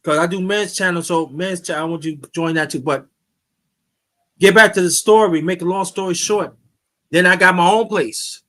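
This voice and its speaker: High-voiced rambling man telling a story. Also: normal speed, sharp tone. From New York. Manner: rambling, repeats himself, restarts often. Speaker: YouTube channel host. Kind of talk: casual storytelling on a live chat.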